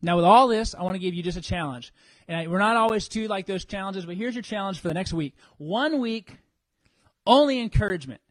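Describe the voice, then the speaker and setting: High-voiced animated male preacher. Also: fairly quick, dry recording. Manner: animated, acts out congregants' inner voices. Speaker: pastor. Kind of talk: sermon.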